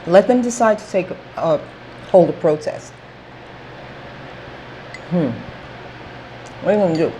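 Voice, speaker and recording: Woman, vlogger, casual opinion monologue, emphatic, slow delivery, faint background hiss. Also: on the low side, animated, warm tone, rough recording. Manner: emphatic, repetitive, often asks "okay?".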